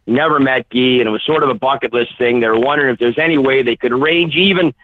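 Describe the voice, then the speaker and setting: A man's voice: mid-range voice, fast talker, no room sound. Man telling a story over the phone. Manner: animated, acts out quoted voices. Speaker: phone-in guest. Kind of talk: anecdotal storytelling. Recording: tinny phone line.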